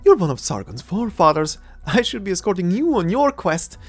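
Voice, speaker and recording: A cocky young adventurer-thief, voiced by a woman with a lowish voice that swings widely as she teases and mocks. Her playful, mocking delivery fits a fan-made audio drama, with faint music underneath. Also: very animated, fairly quick, slightly rough. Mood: teasing. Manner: playful, mocking, laughs often.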